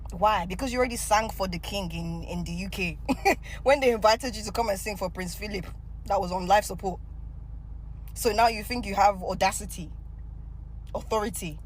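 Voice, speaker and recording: A woman's voice: mid-range voice, moderate pace, slight background noise, rough recording. A woman ranting in a reaction video, sassy, scolding and sarcastic.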